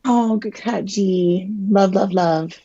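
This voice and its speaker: A woman's voice: medium pitch, slow pace, dark tone, breathy edge, muffled recording. A woman co-hosting a podcast, commenting on a recorded call in a dry, musing way. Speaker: podcast co-host.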